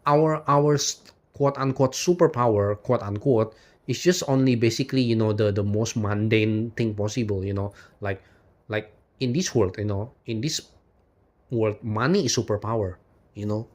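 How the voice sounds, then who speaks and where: Rambling low-voiced man venting about life. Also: moderate pace. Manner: rambling, heavy use of "you know", frequent restarts; frustrated, swears and then apologizes. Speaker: video host. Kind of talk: unscripted philosophical monologue to camera.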